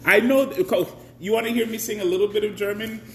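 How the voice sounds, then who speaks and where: A man's voice: sits high, steady tone, quick pace, slight background noise. A man hosting a casual live stream, chatty, greeting viewers by name and laughing often.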